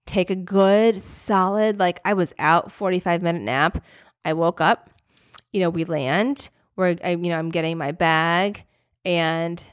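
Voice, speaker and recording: A young adult woman hosting a podcast, telling a story in a rambling, animated way with many fillers and self-corrections. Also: lowish voice, dry recording, clean studio sound. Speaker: podcast host. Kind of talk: casual storytelling.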